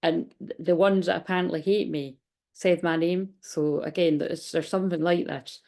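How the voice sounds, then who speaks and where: A woman's voice: fairly low pitch, fairly even intonation, moderate pace, gravelly, darkish tone. A woman in her late thirties doing a chatty, rambling tarot reading vlog, hiccuping and a bit out of breath. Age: 30s. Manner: rambling, chatty, many restarts. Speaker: tarot reader.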